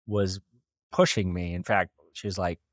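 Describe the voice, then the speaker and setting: A man's voice: low-pitched, little pitch movement, normal speed, dry recording, studio quality. A man from small-town Idaho, hosting a podcast and earnestly retelling a personal story with occasional chuckles. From small-town Idaho, USA. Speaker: podcast host.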